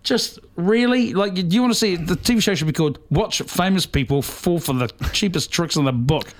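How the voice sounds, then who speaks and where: A man co-hosting a podcast in casual banter, making dry sarcastic quips with halting restarts. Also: high voice. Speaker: podcast co-host.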